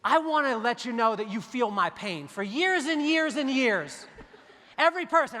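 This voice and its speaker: Guy doing a motivational keynote, high bright voice, jokes with the audience, big hall echo. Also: expressive, moderate pace. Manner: storytelling, joking with the audience. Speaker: keynote speaker. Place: large hall on stage. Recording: long hall reverb.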